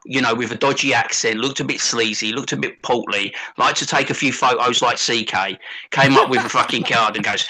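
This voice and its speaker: A British man with a very bright, sharp voice talking in casual podcast chat. He is blunt and swears a lot, and he tells his stories like gossip. His pitch sits in the middle. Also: steady tone, a little fast, rough recording. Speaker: podcast co-host.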